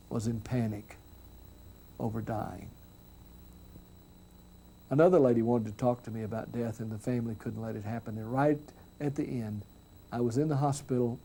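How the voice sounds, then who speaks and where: A man, a minister, giving a storytelling talk on death and grief, earnest and reflective, often dropping soft and quiet. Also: mid-range voice, steady tone, normal speed, long pauses, slight background noise. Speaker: minister speaking on hospice and grief.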